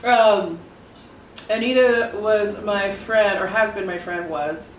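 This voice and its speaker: A woman chatting slowly over lunch, breaking into giggles and exclamations. She is recovering from a cough. The echoey room and far-off camera give her voice a distant, roomy sound. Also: medium pitch, slight background noise. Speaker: channel host. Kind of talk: casual chat over lunch. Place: home dining table.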